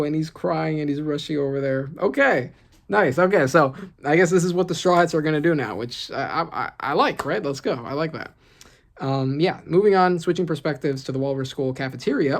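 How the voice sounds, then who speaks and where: Excitable comic reaction host. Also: medium pitch, fairly quick, creaky. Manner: excitable, reads panels aloud, keeps asking "right?". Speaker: manga reaction channel host. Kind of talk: casual reaction commentary.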